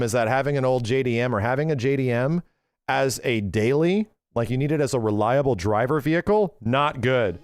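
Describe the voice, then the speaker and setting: Excitable man, lively swearing streamer. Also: mid-range voice, clean tone, no echo, studio quality. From Los Angeles area. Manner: excitable, swearing, animated storytelling. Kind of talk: casual livestream chat.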